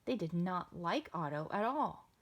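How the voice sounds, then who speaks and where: A woman reading a children's picture book aloud with expressive, sing-song delivery. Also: lowish voice, a little slow. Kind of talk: children's storybook read-aloud.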